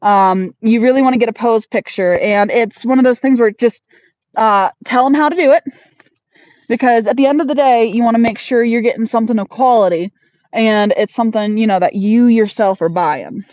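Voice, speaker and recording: A woman's voice: on the high side, moderate pace, a little mellow, no echo. A woman hosting a casual homestead livestream while grooming her horse, rambling and baby-talking to her pony in a barn arena. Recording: dull lo-fi sound.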